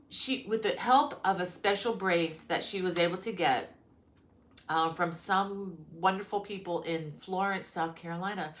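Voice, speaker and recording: A woman's voice: medium pitch, normal speed, a bit bright. A middle-aged woman hosting a crochet live stream, chatting casually and greeting viewers by name with many ums. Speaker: crochet channel host. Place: her mother-in-law's home.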